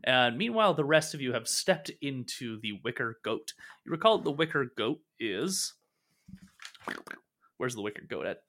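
A man's voice: mid-range voice, very animated, moderate pace, bright, forceful tone. A man narrating as game master of a tabletop game, rambling with many ums and uhs. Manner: rambling, many fillers, laughs often.

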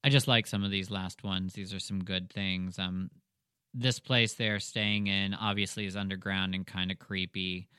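A man co-hosting a casual book discussion podcast who reads passages aloud in a soft, measured way. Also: sits low, fairly even intonation, clear, resonant tone, no room sound, studio quality. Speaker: podcast co-host.

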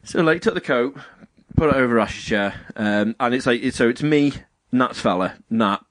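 A man's voice: mid-range voice, expressive, moderate pace, dry recording. A young man casually telling long, rambling night-out stories on a podcast, full of fillers and imitations of the people in them. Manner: rambling anecdotal storytelling with many fillers, mimics people he quotes. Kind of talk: casual chat.

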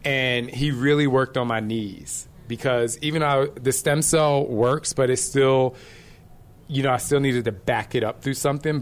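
Animated, fast-talking male fitness instructor. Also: mid-range voice. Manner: energetic, animated storyteller who acts out quotes. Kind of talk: casual chat.

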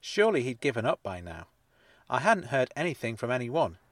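A man's voice: mid-range voice, big pitch swings, a little fast, no room sound. Wry man narrating a story. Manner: wry, dry-humoured storytelling. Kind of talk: first-person audiobook narration.

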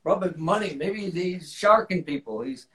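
A man's voice: high voice, expressive, normal speed, sharp tone. A man hosting a casual music stream, teasing the others and laughing readily.

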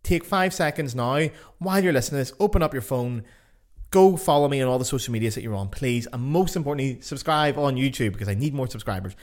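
A young man with a Northern Irish accent talks straight to his listeners in a loose, chatty podcast style. His pitch sits in an ordinary middle range but bounces up when he gets excited, and he swears in passing. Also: quick pace. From Northern Ireland. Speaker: podcast host, flutist. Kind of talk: casual solo podcast talk. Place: home in Cologne.

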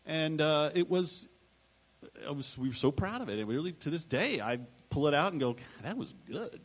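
A man's voice: fairly high pitch, lively intonation, brisk. A man on a live writers' panel, telling anecdotes in a rambling, self-interrupting way and acting out quotes.

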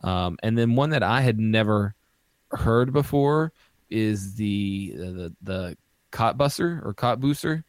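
Man, low voice, hesitant casual podcast host, dry close mic. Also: animated, slow, no echo. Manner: hesitant, many ums and restarts. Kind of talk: casual chat, reading through beer styles.

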